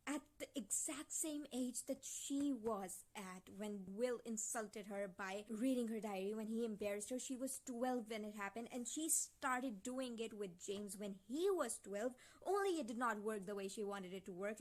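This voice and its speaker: Young woman book vlogger, high-ish voice, indignant rants broken by hushed reading. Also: moderate pace, few pauses. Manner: quiet, muttered reading of passages. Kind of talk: reading vlog reaction.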